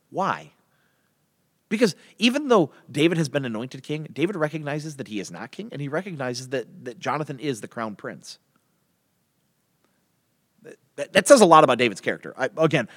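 A man teaching the Bible in a casual, animated way, often restarting and repeating words. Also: medium pitch, no echo, clean studio sound, long reverb tail.

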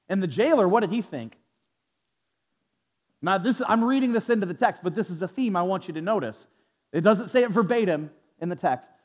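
A man preaching to a group, stumbling over repeated words as he restarts his sentences and stops to ask his listeners questions. His voice sits high for a man. The recording sounds muffled and lo-fi. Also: lively intonation, brisk, big-room sound. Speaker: preacher teaching a Bible study. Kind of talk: sermon. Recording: dull lo-fi recording.

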